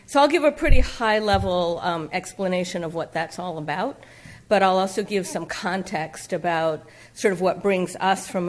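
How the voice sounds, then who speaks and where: Conversational woman giving a lecture. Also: fairly low pitch. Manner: conversational, with fillers, asks the audience questions. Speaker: guest speaker from a farmland nonprofit. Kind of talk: public lecture. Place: lecture room.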